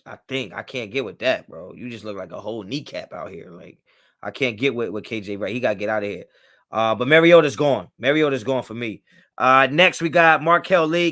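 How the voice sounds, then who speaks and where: A man hosting a casual live stream reacts to viewer comments, talking back to chat in a loose, slangy way. His mid-range voice is bright and forceful.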